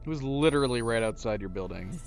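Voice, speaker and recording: A man's voice: mid-range voice, lively intonation, fast talker, faint music behind. A man hosting a let's-play, casually thinking aloud and joking at the game characters. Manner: thinking aloud, chatty and wry. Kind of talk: casual gameplay commentary.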